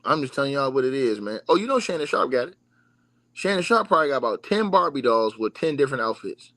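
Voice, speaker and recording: Man, livestream host: mocking sports rant, swinging pitch, bone-dry sound. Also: sing-song, quick pace, a bit bright, dry recording. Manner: mocking, repetitive, talks straight to the audience. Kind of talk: animated sports rant to viewers.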